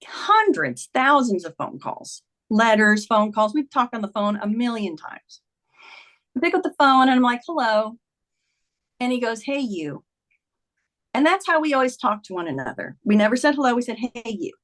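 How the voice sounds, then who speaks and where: A woman's voice: on the high side, lively intonation, normal speed, a bit bright. Woman in her 50s on a podcast, earnest and emotional, keeps saying "like" while she tells her story. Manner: earnest, emotional retelling with many "like"s. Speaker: podcast guest, author. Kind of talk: personal storytelling in a conversation.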